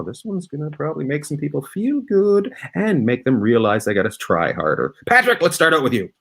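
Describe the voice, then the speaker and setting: A man's voice: on the high side, a bit bright. A man hosting a comedy panel game, teasing his guests with mock outrage. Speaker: host. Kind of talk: playful game-show banter.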